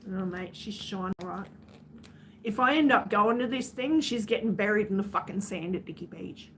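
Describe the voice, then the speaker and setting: A woman's voice: mid-range voice, moderate pace, a bit bright, a little hiss or hum. An Australian woman chatting casually on her livestream, venting bluntly to her viewers and swearing freely.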